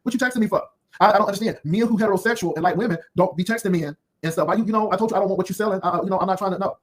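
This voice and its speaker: A man's voice: high voice, racing. A man hosting an unscripted drama commentary video, firing off sassy, cutting put-downs in a rambling way. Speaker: YouTube commentary host.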